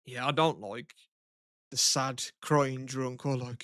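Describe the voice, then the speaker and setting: A man's voice: fairly even intonation, takes it slowly, fairly bright tone, dry recording, studio quality. A young man co-hosting a podcast, swearing casually and laughing often. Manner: sweary, laughs often, mimics others in high voice. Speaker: podcast co-host. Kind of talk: casual chat.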